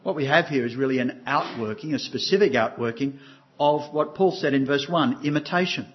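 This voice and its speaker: A man's voice: mid-range voice, a little fast, dull audio, slight background noise. An older man preaching a sermon as pastor, earnest, often putting questions to his listeners. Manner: earnest, asks the congregation questions.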